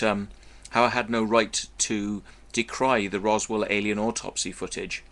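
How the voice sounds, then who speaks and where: Blunt vlogger, low bright voice, profane meandering storyteller. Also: male voice, steady tone, moderate pace. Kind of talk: casual storytelling monologue.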